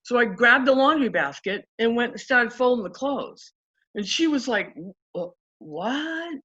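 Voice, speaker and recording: Woman coach, higher voice, lively storyteller, slightly muffled recording. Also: moderate pace. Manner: animated, acts out quotes in story. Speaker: guest coach. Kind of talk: casual interview storytelling. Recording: dull lo-fi audio.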